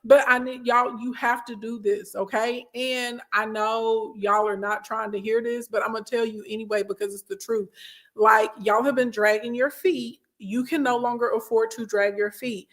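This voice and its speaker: A woman's voice: a little high, fairly even intonation, normal speed, a bit bright. A woman hosting a casual livestream as a business coach, blunt and chatty, often asking "okay?" and scolding her followers.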